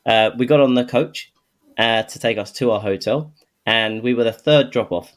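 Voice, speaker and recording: Bloke on a podcast telling holiday stories, easygoing, laughs a lot. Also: male voice, mid-range voice, normal speed. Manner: easygoing, laughs through his anecdotes. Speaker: podcast co-host. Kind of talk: casual storytelling chat.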